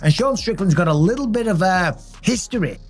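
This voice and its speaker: A man's voice: high voice, lively intonation, fairly quick, faint music behind. A man in his forties hosting a casual reaction commentary, emphatic and fond of asking "okay?" to drive points home. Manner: emphatic, tags lines with "okay?". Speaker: host.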